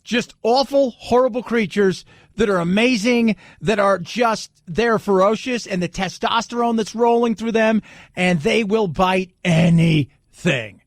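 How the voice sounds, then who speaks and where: A man's voice: high voice, unhurried, dry recording, studio quality. A middle-aged man hosting a talk radio show, blunt and jokey, slipping into mocking voices. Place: radio studio.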